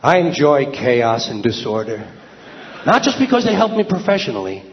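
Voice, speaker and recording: Sardonic stand-up man, high lively voice, slightly dull lo-fi sound. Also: normal speed, slight background noise. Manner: wry, conversational, sardonic. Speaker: stand-up comedian. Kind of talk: stand-up monologue. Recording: dull lo-fi with faint ambience.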